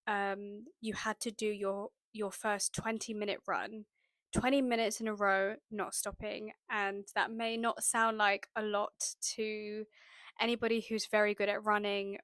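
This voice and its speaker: A young woman from the UK telling a personal story in a chatty, animated way, acting out her own thoughts as she goes. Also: mid-range voice, measured pace, dry recording, studio quality. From United Kingdom. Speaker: manifestation vlogger. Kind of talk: casual storytelling to camera.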